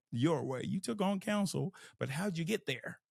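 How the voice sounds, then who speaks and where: Gravelly young man from Texas, animated. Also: high voice, unhurried, no room sound, clean studio sound. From Fort Worth, Texas. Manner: animated, emphatic, acts out inner voices. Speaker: podcast host. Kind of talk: motivational monologue.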